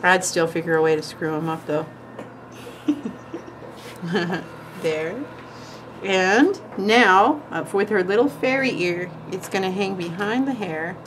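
Slow, chatty woman narrating a nail tutorial. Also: lowish voice, slight background noise. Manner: chatty and giggly, with frequent laughs; talks while concentrating, trailing off mid-sentence. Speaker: nail art tutorial host. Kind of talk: casual tutorial narration while painting.

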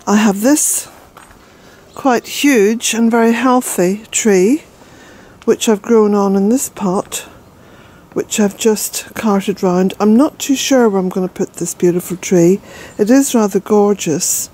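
A woman's voice: medium pitch, slow pace, mellow, rough recording. An older woman from Ireland, a vlogger chatting outdoors in her garden, out of breath and rambling with fillers. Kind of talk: casual walk-and-talk narration.

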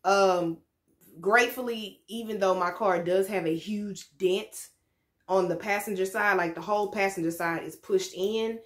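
A woman's voice: medium pitch, measured pace. A young woman telling a frank, candid story in a casual vlog, swearing freely and laughing now and then. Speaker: vlogger. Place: home room with lights.

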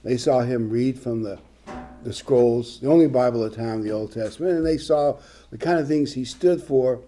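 A man's voice: medium pitch, moderate pace, dark tone, soft background music. An older man preaching a sermon, reading scripture and adding conversational, humorous asides. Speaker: pastor.

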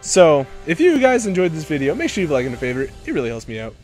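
Excitable young man with wildly lively pitch. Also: fast, faint music behind. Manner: excitable, swearing, shouting bursts. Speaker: gaming commentator. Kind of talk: live gameplay commentary.

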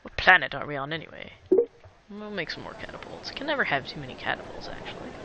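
A man casually commenting on his strategy game in a playful, joking way, talking to the game's characters with sudden excited yelps. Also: a little high, fast talker, background noise. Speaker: gamer narrating a let's play. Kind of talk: casual let's play commentary. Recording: game music loud behind voice.

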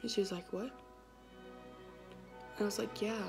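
A woman's voice: medium pitch, fairly even intonation, normal speed, gravelly, loud music behind the voice. A woman, telling a personal story in a casual, chatty vlog with lots of quoted dialogue. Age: 20s. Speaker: vlogger.

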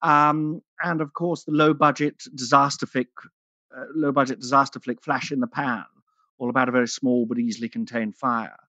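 A man's voice: mid-range voice, steady tone, moderate pace, bright, forceful tone, no room sound, natural voice. A man doing a stand-up character act as a vain, theatrical aging actress with a grand luvvie manner, calling everyone darling, on a dull, dry lo-fi recording. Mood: theatrical, grandiose. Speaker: character comedian.

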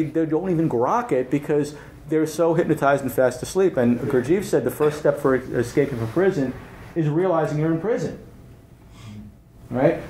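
A man's voice: on the high side, dark tone, a little hiss or hum. A man giving a live workshop talk, telling anecdotes in a conversational, joking way and checking in with his audience. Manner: anecdotal, joking, chuckles at own stories. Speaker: workshop speaker. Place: workshop room at an event. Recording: roomy event hall with faint ambience.

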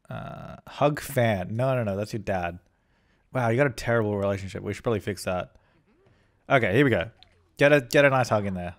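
With a medium-pitched voice marked by vocal fry, this young YouTuber narrates his gameplay in a relaxed let's-play style. He's talkative, revises what he says on the fly, and regularly does voices for his characters.

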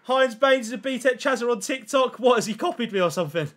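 Speaking a little fast at an extremely high pitch, a young man casually addresses viewers on his gaming livestream. His slangy, excitable chatter includes constant thanks to chat and loud reactions to pack openings.

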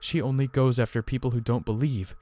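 Blunt young woman friend, guy reading her lines, kinda loud and pushy, spooky story. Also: medium pitch, fairly even intonation, brisk, no room sound, pitched above the performer's own voice, natural voice. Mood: urgent.

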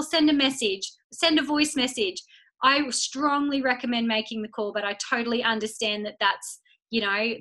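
A woman's voice: on the high side, pushed and bright, low-quality recording. A young woman giving a chatty motivational talk to her team, acting out little inner voices and phone calls. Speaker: team leader speaking to her business team.

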